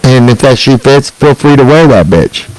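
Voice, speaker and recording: With a darkish tone and lively intonation, a medium-pitched comedian rants through his set at a normal speed. He's angry, sarcastic, and profane, mocking people with put-on quotes, all on a rough recording.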